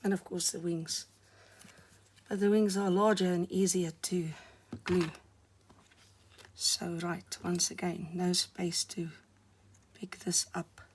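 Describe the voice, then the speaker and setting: A woman talking softly to the camera while she decorates a journal cover, often dropping to a murmur or whisper as she works, her voice still hoarse. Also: fairly low pitch, level tone, slow pace, pauses often. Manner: soft-spoken, murmuring while working, frequent near-whispers. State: hoarse, recovering voice. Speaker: craft vlogger. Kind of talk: casual crafting commentary.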